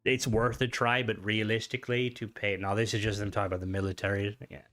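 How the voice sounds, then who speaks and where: A man's voice: on the low side, level tone, fast, a bit bright, soft background music. A man streaming a video game live, chatting casually with viewers, swearing freely and reacting aloud to what happens on screen. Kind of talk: casual live gameplay commentary.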